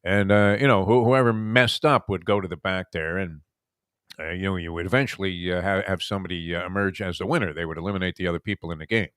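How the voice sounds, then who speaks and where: A man's voice: deep voice, steady tone, fast talker, a bit bright, clear, resonant tone, no echo, clean studio sound. A man from Brooklyn, hosting a casual sports talk show and telling long, rambling stories. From Brooklyn, New York. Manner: rambling, reminiscing storyteller. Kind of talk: casual sports radio chat.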